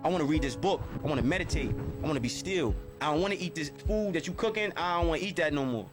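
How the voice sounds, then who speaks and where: A man with a high-pitched voice delivers a blunt, profane motivational monologue. He drives his points home by repeating phrases, with clear music playing behind him. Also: expressive, quick pace.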